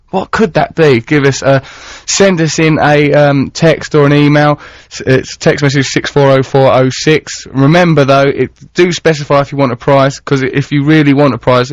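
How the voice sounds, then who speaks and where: A man's voice: mid-range voice, dry recording. A man hosting a radio show in a studio, talking in a playful, wordy, teasing way. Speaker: radio host. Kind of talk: comic radio banter. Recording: dry, dull lo-fi radio recording.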